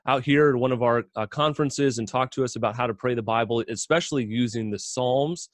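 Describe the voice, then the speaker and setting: A man's voice: mid-range voice, a little fast, no room sound. Guy hosting a radio interview, chatty, lots of uhs, dry studio mic. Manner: conversational, many fillers. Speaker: radio host.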